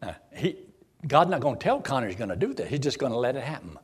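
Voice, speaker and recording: A man's voice: medium pitch, big pitch swings, fast, husky. A man preaching a sermon in a dramatic, folksy way, full of rhetorical questions and acted-out scenes.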